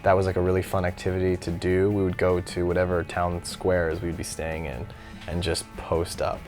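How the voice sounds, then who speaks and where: A man's voice: low-pitched, monotone, moderate pace, a little mellow, soft background music. A man being interviewed in a studio as a musician guest, casual and joking. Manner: playful, joking.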